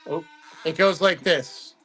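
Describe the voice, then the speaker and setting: Man, casual livestream host, excitable and chatty, bright tone, soft background music. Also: a little high, takes it slowly. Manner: excitable, chatty, greets viewers by name. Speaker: host of a card-opening livestream.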